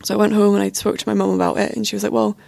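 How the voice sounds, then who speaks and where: A woman's voice: mid-range voice, flat delivery, rapid-fire, vocal fry, darkish tone, no echo. A young woman telling a personal story as a podcast guest, casual and full of filler words.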